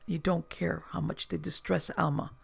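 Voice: medium pitch, level tone, moderate pace, creaky, breathy edge, soft background music. A reader voicing a domineering, snobbish middle-aged mother who scolds with contempt. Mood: scornful.

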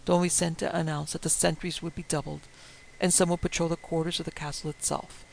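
A man reading an adventure story aloud as narrator, in a dramatic, measured way. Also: a little high, flat delivery, creaky, a little mellow, slight background noise, low-quality recording. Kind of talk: audiobook narration.

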